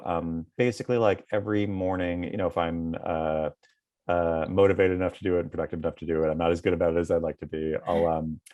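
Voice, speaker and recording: A man's voice: sits low, a little mellow, dry recording. A man in his thirties, a comedy writer, answering interview questions in a rambling way full of fillers.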